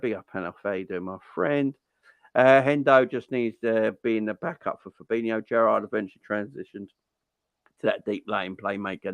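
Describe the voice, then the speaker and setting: A young man hosting a casual football fan livestream, chatty and giving shout-outs to viewers. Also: lowish voice, clear, resonant tone, no echo.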